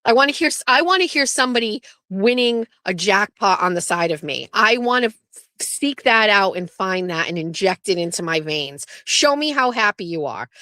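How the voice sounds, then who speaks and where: A woman's voice: mid-range voice, a bit bright, no room sound, clean studio sound. A woman hosting her own livestream show, chatting in a rambling, blunt and profane way as she jumps between topics. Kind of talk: rambling casual livestream chat.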